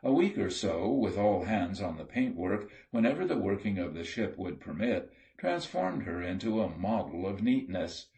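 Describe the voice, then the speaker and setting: Low-voiced man reading a story. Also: very animated, moderate pace, gravelly, few pauses, a little mellow. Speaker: audiobook reader. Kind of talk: scripted narration.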